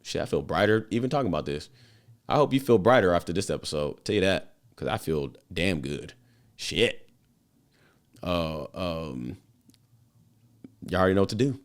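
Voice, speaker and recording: Man, very low voice, podcast host, casual slangy monologue, loose fillers. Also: animated, normal speed, pauses often.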